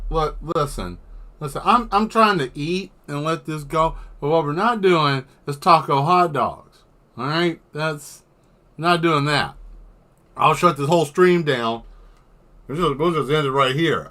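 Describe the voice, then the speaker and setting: Speaking a little slowly in a slightly high, bright voice with a forceful tone, a man streams himself drawing. His casual chatter keeps spilling into over-the-top comic rants laced with profanity.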